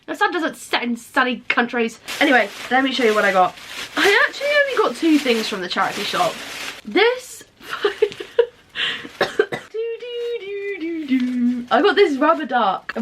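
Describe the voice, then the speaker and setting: A young woman vlogging from her bedroom, her voice sitting a little high. She chats loosely and mocks herself, with casual swearing. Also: very animated, normal speed, a bit bright, a little hiss or hum. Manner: chatty, self-mocking, swears freely. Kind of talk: casual chat. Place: bedroom at home.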